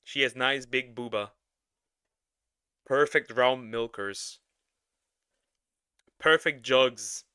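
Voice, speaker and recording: A man giving crude, excitable reaction commentary as a streamer. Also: mid-range voice, slow, long pauses, clear, resonant tone, dry recording, clean studio sound.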